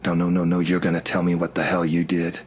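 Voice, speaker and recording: A man's voice: deep voice, monotone, fast, a little hiss or hum, natural voice. A man voicing an anxious, bewildered young man who stammers in disbelief. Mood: distressed. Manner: stammering, incredulous.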